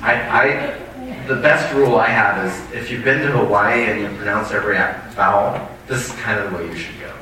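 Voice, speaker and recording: A man's voice: on the low side, a little fast, background noise. A male pastor preaching a sermon, reading scripture aloud and breaking off with asides to the congregation. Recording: distant mic in a very echoey hall.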